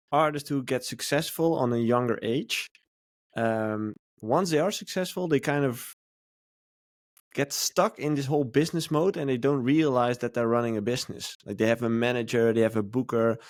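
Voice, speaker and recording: A man's voice: medium pitch, dry recording, studio quality. A man hosting a coaching podcast, guiding the conversation with questions. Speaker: podcast host, artist coach. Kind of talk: casual podcast chat.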